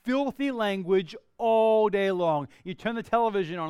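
A man preaching a sermon in a conversational, animated way, acting out little asides. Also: high-pitched, clean tone, dry recording, studio quality. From Australia. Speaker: pastor.

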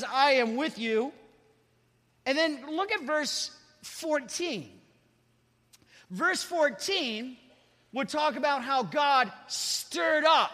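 A male pastor preaching a sermon, building to loud, shouted climaxes and leading the congregation in repeated phrases. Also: extremely high pitch. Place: church sanctuary. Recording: long reverb of a church hall.

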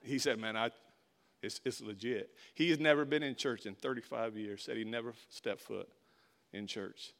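Male preacher, mid-pitched, animated sermon storyteller with loud peaks and quiet drops. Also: moderate pace, creaky. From Florida. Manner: animated storyteller, acts out quotes, big swings in loudness.

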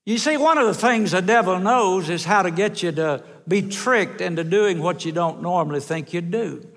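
A male traveling evangelist preaching a revival sermon in a church, earnest and storytelling, slowing down for emphasis. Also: high-pitched, animated, a bit bright. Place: large church sanctuary. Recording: echoey sanctuary with long reverb.

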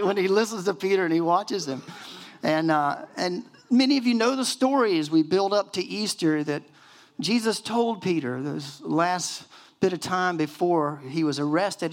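An older man in his sixties preaching from the pulpit, his voice pitched a touch higher than most men's. He tells stories casually and with animation, leaning on fillers as he acts out the scenes he describes. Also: normal speed. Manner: animated storytelling with many fillers and acted-out quotes. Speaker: pastor. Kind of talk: sermon.

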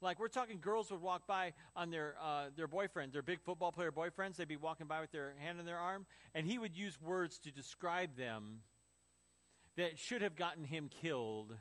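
A man's voice: a little high, normal speed, a bit bright. A man preaching a sermon as pastor, telling stories and acting out quotes. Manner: storytelling with acted quotes and laughs.

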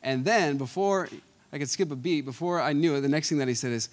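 A male pastor delivering a casual, storytelling sermon in a somewhat high voice. He moves between punchy, raised points and soft, confiding asides, often breaking into a chuckle. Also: a little fast. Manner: animated, chuckles often, varies between loud emphasis and quiet asides. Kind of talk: conversational Sunday sermon.

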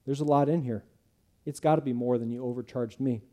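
A male preacher reading the lines of an angry, suspicious man confronting a tax collector, in sharp, agitated outbursts. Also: medium pitch, steady tone, brisk, close to an everyday voice. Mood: puzzled.

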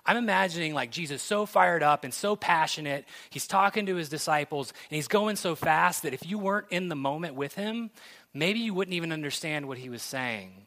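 A young adult man preaching a sermon in a bright, forward voice that sits a little high for a man. He talks in an earnest, conversational way and builds to excitement. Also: a little fast. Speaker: pastor.

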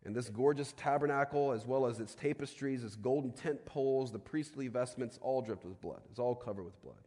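A man preaching a sermon in a conversational way, often asking "right?", and dropping to a quiet, slow voice for solemn points. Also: mid-range voice. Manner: conversational preaching with frequent tag questions. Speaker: pastor. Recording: long hall reverb.

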